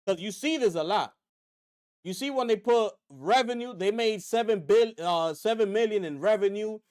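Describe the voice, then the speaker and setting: A man's voice: sits high, moderate pace, clear, resonant tone. A man hosting a gaming news livestream, talking casually and straight to viewers, repeating himself for emphasis. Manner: animated, repetitive, talks straight to viewers.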